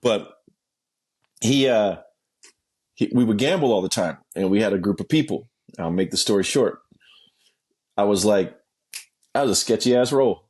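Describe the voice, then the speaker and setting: A man telling a story as a guest in a casual interview, acting out quotes with sudden jumps in pitch, swearing freely and laughing as he goes. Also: moderate pace, long pauses, darkish tone, slightly rough.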